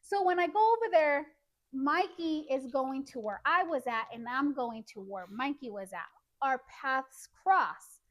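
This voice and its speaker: A woman's voice: sits high, unhurried. A woman co-hosting a podcast, telling a story in casual chat and acting out what people said. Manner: animated, acts out quotes. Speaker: podcast co-host.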